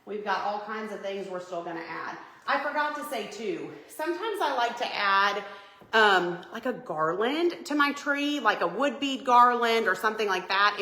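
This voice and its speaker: By a Christmas tree in her home living room, a woman hosts a live Christmas decorating tutorial for home decor fans, chatty and upbeat as she greets viewers by name. Her medium-pitched voice has a sharp tone, and the reverberant audio is poor.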